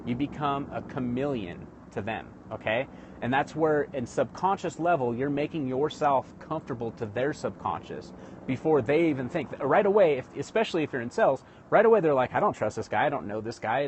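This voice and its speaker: Speaking with a husky, mid-range voice, a man runs a casual livestream lesson on building rapport in sales. He addresses viewers directly and frequently starts his sentences over.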